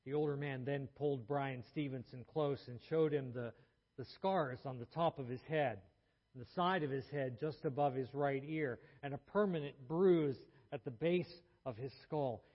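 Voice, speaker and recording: Speaking at a normal speed with medium pitch, this pastor preaches and earnestly recounts a story, often going back to restart his phrasing. The recording is muffled, in a hall full of reverb.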